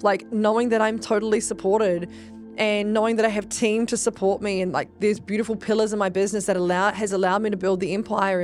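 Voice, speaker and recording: A woman gives a motivational podcast monologue, quick and emphatic, leaning on "like" and dropping swear words as she goes. Her voice sits at an ordinary middle pitch for a woman. A little music plays faintly behind her. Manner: rapid, emphatic, heavy "like" fillers, swears freely. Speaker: podcast host and business coach.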